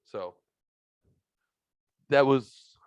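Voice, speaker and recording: A man's voice: extremely slow, no echo. A man hosting a podcast, telling stories casually with lots of swearing and laughter, from a home man cave. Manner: profane, animated, laughing at his own stories. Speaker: podcast host. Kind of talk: casual storytelling chat. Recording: slightly muffled, dry recording.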